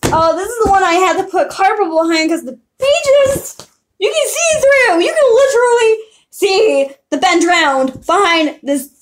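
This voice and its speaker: Super high-pitched young woman streamer, giggly, rambling and self-mocking. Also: measured pace. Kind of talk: casual live-stream chat.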